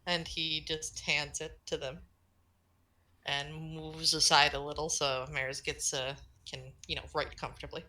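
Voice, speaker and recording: A woman casually narrating a collaborative role-play, relaxed and full of fillers. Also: low-pitched, measured pace. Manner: relaxed, filler-heavy, drifts between quiet and loud. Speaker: tabletop role-play player.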